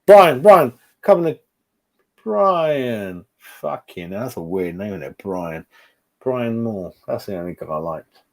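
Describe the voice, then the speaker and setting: A man's voice: deep voice, very animated, unhurried. A man hosting a football fan channel, giving a rambling, swear-filled live-stream reaction to a match. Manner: ranting, heavy swearing, rambling asides.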